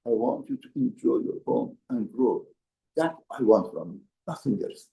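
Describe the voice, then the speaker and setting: A man's voice: big pitch swings, normal speed, creaky, mellow. A man, a rabbi, giving an emphatic mussar lesson in a study hall. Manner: emphatic, acts out quoted voices with raised pitch. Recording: echoey room.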